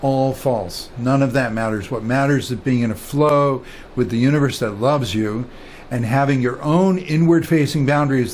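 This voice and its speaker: A man's voice: medium pitch, slight background noise. A man giving a casual spiritual talk, rambling with many fillers and restarts as he tells stories. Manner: storytelling, quoting others in quiet voices. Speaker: spiritual teacher.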